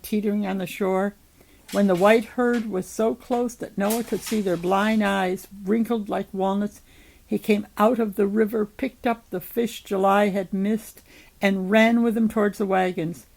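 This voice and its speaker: A woman reading a novel chapter aloud in an even, measured storytelling manner. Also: medium pitch, creaky, low-quality recording.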